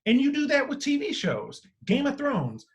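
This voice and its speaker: A man hosting a casual podcast, talking in an animated way with free swearing, his voice swinging between loud and quiet. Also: very high-pitched, normal speed. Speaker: podcast host.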